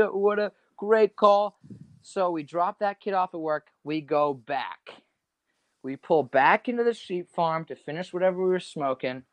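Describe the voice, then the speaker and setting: A young adult man casually telling a wild story, animated and slangy, saying "dude" a lot. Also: on the high side, no room sound.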